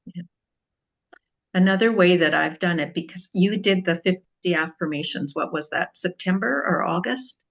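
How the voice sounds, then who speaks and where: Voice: mid-range voice, moderate pace, creaky, fairly bright tone. A speaker reflecting on personal experience in casual conversation, often trailing off and restarting. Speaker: group member sharing experience. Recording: dull lo-fi sound.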